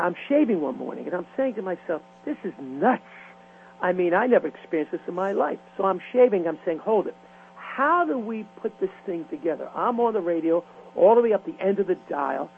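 An older man, a veteran radio disc jockey telling stories in an interview with lively, rhyming patter. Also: high-pitched, brisk, creaky. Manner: animated rhythmic storytelling, rhyming patter. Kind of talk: storytelling interview. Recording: tinny phone line with faint hum.

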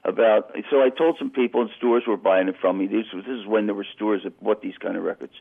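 A man's voice: fairly low pitch, steady tone, fast talker, vocal fry, husky. An older man telling a long, rambling story as a guest, correcting himself as he goes, heard over a phone-like radio line. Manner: rambling, self-correcting anecdote. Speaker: interview guest. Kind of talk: casual storytelling.

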